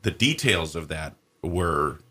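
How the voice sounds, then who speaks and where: A man with a very deep yet bright, forceful voice hosts a casual chat. He asks questions and talks in a hesitant way, often restarting his sentences. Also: expressive, slow, husky. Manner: hesitant, many restarts while asking questions.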